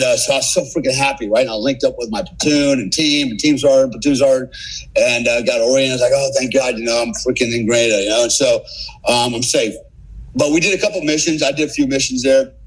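Husky man in his sixties telling stories. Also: mid-range voice, low-quality recording. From United States. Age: 60s. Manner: profane, animated war-story teller. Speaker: podcast guest, military veteran. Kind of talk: casual storytelling.

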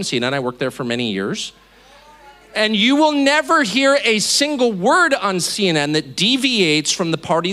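A man's voice: high voice, bright, forceful tone. A middle-aged American man, a television host, giving a public speech to a live audience with sardonic, mocking asides and an emphatic delivery. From United States. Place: event hall before an audience.

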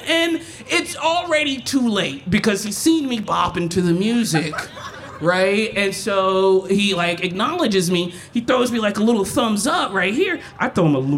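A woman doing a profane, animated stand-up set on a live stage, breaking into mimicked voices as she tells stories. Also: medium pitch, moderate pace, crowd noise. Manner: animated, profane, mimics others mid-story. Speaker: stand-up comedian. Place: stage at a live festival event.

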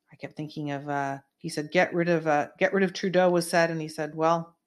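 A middle-aged woman from California hosting an online show, giving a rambling, emphatic commentary monologue full of asides. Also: deep voice. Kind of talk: casual political commentary monologue.

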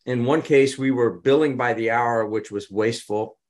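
A man's voice: mid-range voice, moderate pace. A man telling business stories in a conversational interview and acting out quoted lines. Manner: animated, dramatizes quotes. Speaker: business consultant guest. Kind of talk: conversational storytelling.

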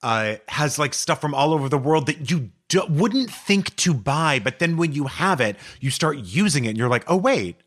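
Lively, playful podcast co-host. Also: medium pitch, normal speed, hardly any pauses. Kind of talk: casual chat.

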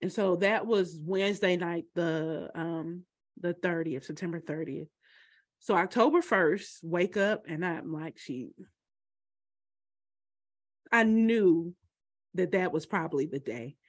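A woman telling a personal story, halting and emotional, with many pauses and fillers. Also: lowish voice, dry recording, clean studio sound.

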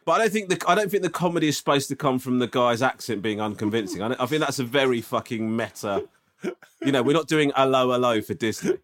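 A podcast co-host with a mid-range voice talks fast in a casual chat, telling a story animatedly. He swears often and throws in plenty of asides.

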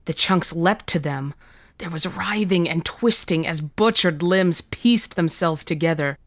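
A woman reading a scripted horror story in a measured, vivid storytelling manner. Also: fairly low pitch, no echo, studio quality. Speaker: narrator.

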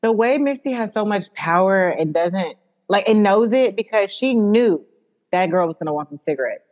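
A woman hosting a podcast, talking in an animated, emphatic casual chat and swearing freely. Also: medium pitch, normal speed. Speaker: podcast host. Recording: long hall reverb.

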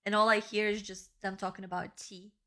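A woman's voice: mid-range voice, level tone, fairly quick, fairly bright tone. A woman from Uzbekistan co-hosting a comedy podcast, talking bluntly and with a lot of swearing. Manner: blunt, profane, teasing. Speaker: podcast co-host. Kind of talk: casual comedy chat.

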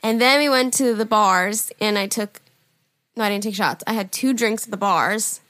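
A woman's voice: normal speed, no room sound. A woman in her twenties co-hosting a podcast, chatting casually and animatedly acting out her own stories. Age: 20s. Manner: animated storyteller, acts out her drunk self in a loud high voice. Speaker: podcast co-host. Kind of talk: casual chat.

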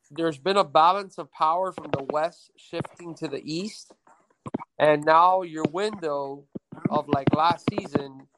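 A man's voice: a little high, fairly bright tone, a little hiss or hum, poor audio. A man talking casually and at length about basketball, thinking aloud with many fillers. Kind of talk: casual sports chat.

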